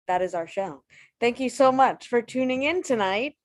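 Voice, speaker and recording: A woman closes out a comedy show with upbeat announcements. Her voice is on the higher side and promotional in tone, as she pitches workshops and shows. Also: animated, moderate pace. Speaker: show host. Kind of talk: closing announcements.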